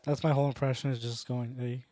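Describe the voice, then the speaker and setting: A man's voice: on the high side, steady tone, moderate pace, a little mellow, dry recording. A young man doing a stand-up set with a sleepy, drowsy-sounding delivery. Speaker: stand-up comedian. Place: comedy club stage.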